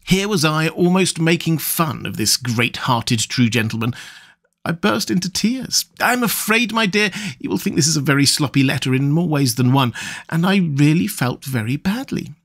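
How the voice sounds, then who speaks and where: A man's voice: a little high, lively intonation, moderate pace, fairly bright tone. A man reading as a sweet, emotional young woman, confiding in a letter for an audiobook. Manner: gushing, confiding.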